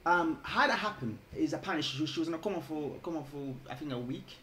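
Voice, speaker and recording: A man's voice: fairly high pitch, fast talker, bright, forceful tone, a little hiss or hum. A man hosting a casual group chat. He rambles, restarts his sentences and talks through his points at length. The room is echoey. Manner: rambling, restarts often, laughs a lot. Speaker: host.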